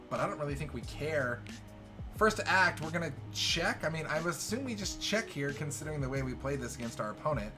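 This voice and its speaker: A man calls poker hands live as the show's host, joking and excitable. His voice sits fairly high and swings from loud cheering to quiet, muttered asides. Music plays clearly behind him. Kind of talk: live poker hand commentary.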